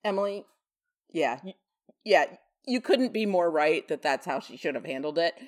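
A woman's voice: on the low side, expressive, moderate pace. A woman co-hosting a podcast in casual chat, laughing often and reading listener comments aloud. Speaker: podcast co-host.

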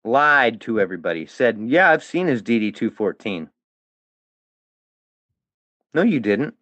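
A man's voice: medium pitch, big pitch swings, a little slow, fairly bright tone, no echo, highs cut off. Furious, swearing man ranting at critics. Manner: heated, profane, confrontational. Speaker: guest, former fan of a comedian. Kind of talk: angry monologue addressed at critics.

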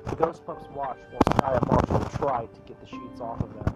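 A man reads a children's story aloud for a podcast, his medium-pitched voice steady and a little fast over loud music in a rough recording. The home-style reading is unpolished, with small restarts and loud shouted cries for the characters.

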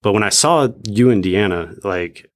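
A man sharing his faith testimony in casual chat, reflective and measured with frequent pauses and ums. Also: fairly low pitch, lively intonation.

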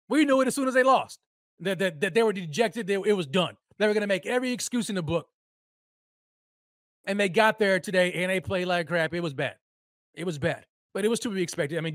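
High-voiced man ranting about sports. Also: dry recording, clean studio sound. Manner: mocking and heated, repeats phrases for emphasis. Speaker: sports podcast host. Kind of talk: solo sports commentary rant.

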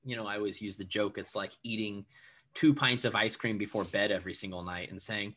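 A man in his thirties talking casually on a podcast, animated and full of filler words, acting out little quotes. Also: on the low side, fairly quick. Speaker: podcast guest.

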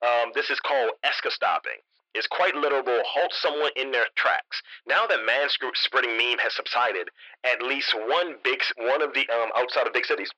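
A man's voice: mid-range voice, sharp tone, lo-fi sound. Crude, rambling podcast guy. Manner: rambling, loose and crude, reading items aloud. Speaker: podcast co-host. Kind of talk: casual profane banter.

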